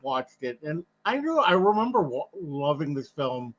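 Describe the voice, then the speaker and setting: A man's voice: fairly high pitch, big pitch swings, normal speed. A man in his fifties in a casual live discussion over a video call, easygoing and laughing as he talks. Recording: muffled video call audio.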